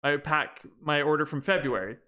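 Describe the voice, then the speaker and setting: A man's voice: on the high side, moderate pace, pushed and bright. A young man co-hosting a podcast, chatting casually and rambling with frequent restarts. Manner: rambling, restarts sentences often. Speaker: podcast co-host. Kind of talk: casual chat.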